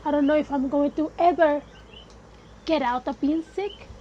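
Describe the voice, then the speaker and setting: A woman's voice: high voice, moderate pace, dull audio, slight background noise. A woman hosting a casual solo podcast, sounding sick and congested with a cold, chatty and emphatic, slipping into Spanish phrases now and then. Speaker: podcast host.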